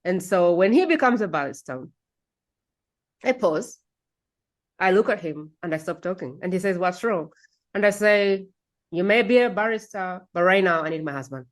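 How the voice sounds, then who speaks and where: A woman's voice: on the low side, animated, normal speed, long pauses. Affirming woman podcast host. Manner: affirming, repeats the guest's phrases back. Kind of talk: casual chat.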